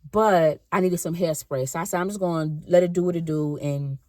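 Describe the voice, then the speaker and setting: A woman's voice: on the low side, steady tone, a little fast, a little mellow, dry recording. A woman in her fifties chatting casually in a rambling, self-correcting way for a car-ride vlog. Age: 50s. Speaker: vlogger.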